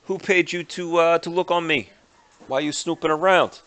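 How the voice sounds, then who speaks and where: A man voicing an agitated male thug boss who shouts in broken English at a tabletop game. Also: a little high, steady tone, moderate pace, voice pushed up, natural voice.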